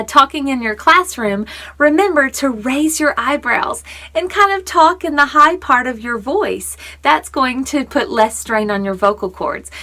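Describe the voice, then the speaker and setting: A young adult woman teaching a vocal warm-up lesson in an upbeat coaching manner. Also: high-pitched. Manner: upbeat, coaching, demonstrates sounds. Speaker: online English teacher.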